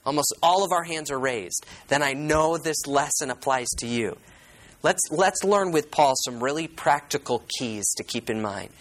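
A man's voice: fairly high pitch, normal speed, a bit bright, low-quality recording. A man preaching a sermon as pastor. He reads scripture aloud, explains it verse by verse, repeats key words and puts questions to the congregation.

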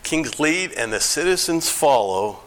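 Middle-aged American man, bright voice, speaking in church, chatty and questioning. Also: a little high, big pitch swings, a little slow. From United States. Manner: conversational, asks the audience questions. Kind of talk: church talk.

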